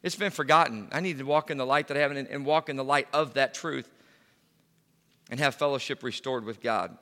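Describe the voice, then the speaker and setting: A middle-aged man preaching a sermon as pastor, emphatic, swinging from loud to hushed. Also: mid-range voice, a little fast, long reverb tail. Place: church.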